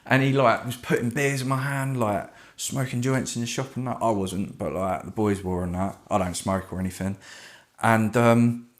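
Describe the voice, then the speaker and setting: Low-voiced man telling stories. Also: moderate pace. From Kent, England. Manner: animated, swears constantly, does voices. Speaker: tattoo artist guest. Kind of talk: casual storytelling.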